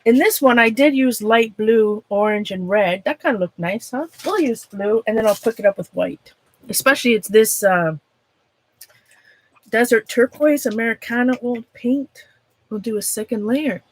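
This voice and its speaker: A woman's voice: a little high, a little hiss or hum, low-quality recording. Chatty Minnesota woman livestreaming craft. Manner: chatty, rambling, self-interrupting, quick to laugh. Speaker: art livestream host. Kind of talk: casual livestream chat while demonstrating a craft.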